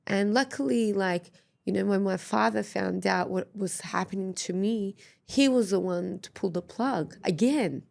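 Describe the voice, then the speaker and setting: A woman's voice: mid-range voice, measured pace, creaky, darkish tone. A woman, a podcast guest speaking earnestly and openly about her past. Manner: earnest, open, storytelling with quoted voices. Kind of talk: candid interview.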